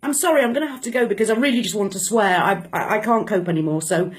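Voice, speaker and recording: A woman's voice: mid-range voice, fast. An angry woman ranting to camera, impassioned and repeating phrases for emphasis, saying she is shaking with anger. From Britain. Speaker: vlogger. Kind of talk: political rant to camera.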